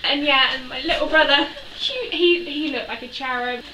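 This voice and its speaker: With a sharp, high voice at a moderate pace, this young woman giggles through childhood tales in a casual vlog, mimicking the people she quotes. The mic sits at a distance in an echoey room, picking up faint noise.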